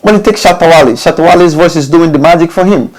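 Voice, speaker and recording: A man's voice: quick pace, rough recording. A man giving informal advice to recording artists, often restarting phrases and asking rhetorical questions. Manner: repetitive, restarts phrases, rhetorical questions, lively pitch swings. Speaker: music studio instructor.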